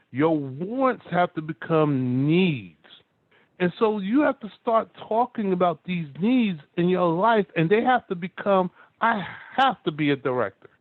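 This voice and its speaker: A man's voice: sits high, dry recording. A man giving an emphatic motivational talk to an online audience, telling stories and asking "guess what" again and again. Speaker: motivational speaker. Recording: dry, narrow phone-like sound.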